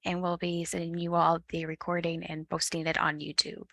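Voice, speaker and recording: A woman's voice: on the low side, monotone, moderate pace, creaky, bright, forceful tone, no echo. A woman co-hosting a webinar, politely cutting in with a brief housekeeping announcement. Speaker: webinar co-host.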